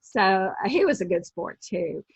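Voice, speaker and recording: A woman in her sixties, a former pro wrestler, telling lively anecdotes in an interview and acting out the people she quotes. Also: mid-range voice, measured pace, breathy edge, no room sound. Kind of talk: casual storytelling interview. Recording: dull lo-fi sound.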